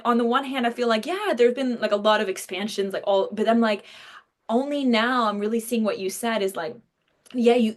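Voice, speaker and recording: A woman hosting a podcast, thinking aloud in a reflective, rambling way with many fillers. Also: a little high. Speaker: podcast host. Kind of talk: podcast conversation.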